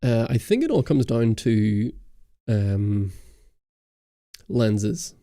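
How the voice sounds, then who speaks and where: A man with a Northern Irish accent chats loosely on a livestream, rambling through viewer questions. His voice is dark and gravelly, with a dry, close-miked sound. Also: on the low side, very animated, very slow, no room sound. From Northern Ireland. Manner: rambling, answers viewer chat. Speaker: YouTube host on a livestream. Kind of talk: casual livestream chat. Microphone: close studio mic.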